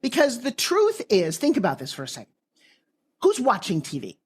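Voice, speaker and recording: Punchy, salesy woman pitch coach. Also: huge pitch swings, normal speed, a little mellow, breathy edge. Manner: emphatic, salesy, punchy phrasing. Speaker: podcast guest, pitch coach. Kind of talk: energetic podcast interview advice.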